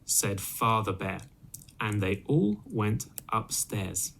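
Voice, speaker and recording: A man reading a children's story aloud, clearly and expressively, for English learners. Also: on the low side, big pitch swings, slow pace, a bit bright, slight background noise.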